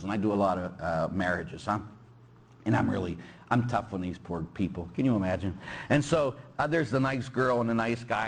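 A man's voice: medium pitch, breathy edge. A middle-aged man, a Catholic priest, preaching a sermon and telling stories animatedly. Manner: animated storyteller, acts out quoted voices.

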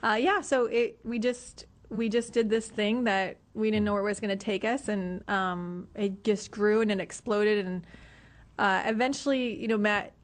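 Woman, radio studio guest, mid-pitched voice, chatty rambling storytelling. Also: fairly even intonation, normal speed. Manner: chatty, rambling, many "you know"s and restarts. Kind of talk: casual storytelling interview.

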